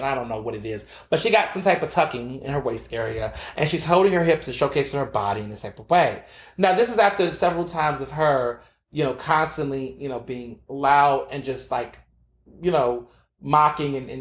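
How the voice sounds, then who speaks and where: A man hosting his own podcast, telling a story and giving his opinions in a sassy, animated way, full of fillers and swearing. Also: a little high, reverberant. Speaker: podcast host. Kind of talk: casual opinion monologue.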